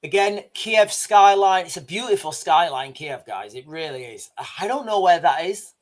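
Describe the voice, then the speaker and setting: This livestream host is a man with a high-pitched voice, lively intonation and a moderate pace. His commentary rambles and often restarts while he addresses his viewers head-on.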